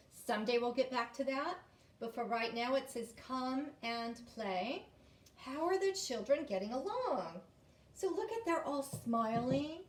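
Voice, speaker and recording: Sing-song teacher talking to young kids. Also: female voice, a little high. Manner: sing-song, slow and exaggerated when modeling chants. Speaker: kindergarten teacher. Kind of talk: online lesson for young children. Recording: echoey room, voice a bit far from mic.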